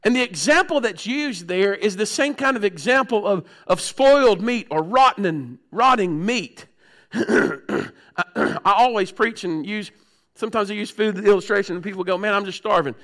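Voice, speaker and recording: A middle-aged man preaching a sermon, swinging from loud outbursts to hushed low tones and often clearing his throat. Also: expressive, normal speed. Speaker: pastor.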